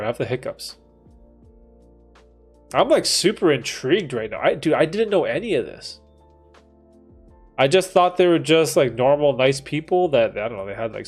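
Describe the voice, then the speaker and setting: A man in his thirties hosting a livestream, reading chat and talking in a casual, laid-back way, with frequent dude and bro and some swearing. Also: on the high side. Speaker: livestream host answering chat.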